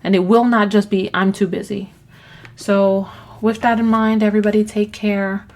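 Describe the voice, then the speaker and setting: A woman's voice: mid-range voice, flat delivery, normal speed, a little mellow. Woman podcast host, candid rambling monologue, casual swearing, mid-range voice. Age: adult with children.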